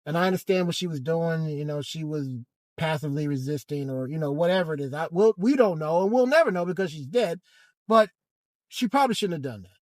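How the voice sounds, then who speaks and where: A man with a fairly high voice talks through a casual monologue from the driver's seat, stopping and restarting his sentences as he searches for words. The sound is dry and close, with no room echo. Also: expressive, a little mellow. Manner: hesitant, halting, many restarts and fillers. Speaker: vlogger. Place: in a car.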